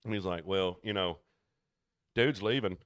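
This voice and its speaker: A man co-hosting a podcast, telling work stories in a casual, animated way and acting out the people he quotes. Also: deep voice, a little slow. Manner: animated storyteller who acts out quoted people. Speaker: podcast co-host. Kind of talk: casual storytelling chat.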